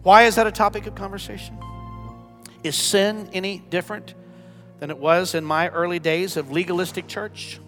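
A male pastor preaching a sermon, swinging from hushed, quiet passages to loud, emphatic calls. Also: high voice, fairly even intonation, normal speed. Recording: long church reverb with soft music.

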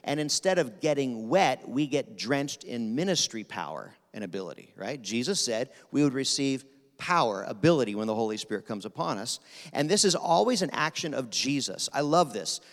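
A man from Pennsylvania, preaching a sermon as guest speaker in a quick, animated, rapid-fire way. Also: medium pitch. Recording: long reverb of a large hall.

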